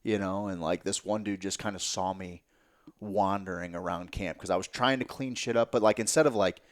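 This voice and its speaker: Male podcast guest, lowish voice, casual and animated storyteller, profane, drops to a near-whisper at times. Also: brisk.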